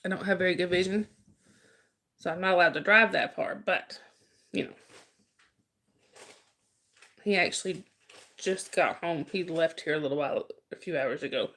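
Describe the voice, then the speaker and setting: A woman's voice: on the low side, brisk, pushed and bright. A woman hosting a casual live stream, greeting viewers and teasing them with frequent laughter.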